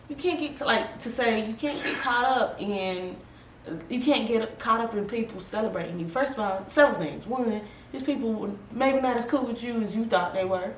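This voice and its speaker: Woman co-host, casual and tired, laughs a lot, echoey room, mic set back. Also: mid-range voice. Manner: animated, laughing, full of fillers. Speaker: podcast co-host. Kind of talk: casual chat. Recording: echoey room, from a distance, faint noise.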